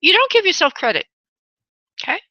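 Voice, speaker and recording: Bright, higher woman radio host, chatty medium, dry sound. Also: big pitch swings, a little fast, no room sound, muffled recording. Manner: chatty, affectionate, laughs often. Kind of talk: call-in radio readings.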